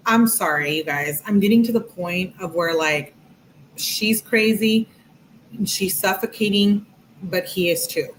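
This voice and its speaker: Woman, casual commentary, blunt and slangy, mid-pitched voice, faint background noise. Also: a little slow, rough recording. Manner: blunt, slangy, candid asides to viewers. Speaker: true-crime commentator. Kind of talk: casual commentary reading text messages.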